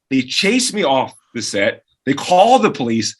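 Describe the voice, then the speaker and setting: Radio co-host in his forties, animated storyteller; bright, slightly husky voice. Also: on the high side, a little fast, few pauses. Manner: animated storyteller who acts out quoted voices. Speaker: radio co-host and producer, podcast guest. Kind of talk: lively anecdote-telling in conversation.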